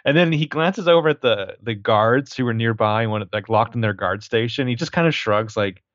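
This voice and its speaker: A man's voice: medium pitch, fairly quick, no room sound, muffled recording. Enthusiastic man in casual film talk. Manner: enthusiastic, animated retelling. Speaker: podcast co-host.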